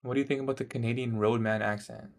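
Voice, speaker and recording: Talking fast in a mid-range voice with fairly even intonation, a young man day trades on a livestream. He casually reads out viewer questions and responds with a laid-back manner, often saying "bro" and laughing at odd questions.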